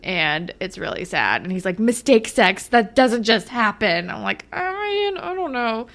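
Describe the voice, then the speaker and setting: A woman's voice: mid-range voice, very animated, moderate pace, gravelly, a bit bright. A young woman co-hosting a podcast, recapping episodes in casual chat and acting out the characters' lines in exaggerated voices. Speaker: podcast co-host.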